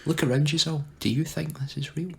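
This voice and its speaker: A man, co-hosting a podcast in casual chat and telling stories with lively delivery. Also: fairly high pitch, a little fast, vocal fry. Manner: storytelling, animated. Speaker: podcast co-host.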